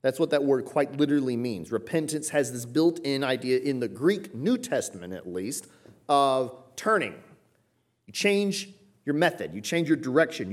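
Man preaching an earnest expository sermon. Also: mid-range voice. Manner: earnest teaching with emphatic rises on key words. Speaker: pastor.

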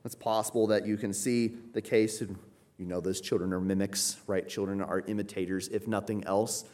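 A man's voice: fairly low pitch, steady tone, normal speed, darkish tone. A man teaching a Bible passage in a sermon, emphatic and repetitive, often checking in with "right?". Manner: emphatic, repeats phrases, tags points with "right?". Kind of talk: expository sermon.

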